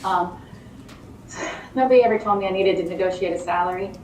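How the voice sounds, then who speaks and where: A middle-aged woman giving an animated, conversational talk to a live audience, often repeating words and asking rhetorical questions. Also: medium pitch, brisk. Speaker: lecturer speaking to a live audience. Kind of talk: conversational presentation. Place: meeting room with an audience. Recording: roomy hall, distant mic, faint room noise.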